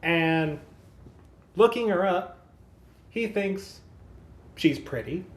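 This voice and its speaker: A podcast co-host in casual chat, calmly explaining plots in detail. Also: medium pitch, very slow, reverberant.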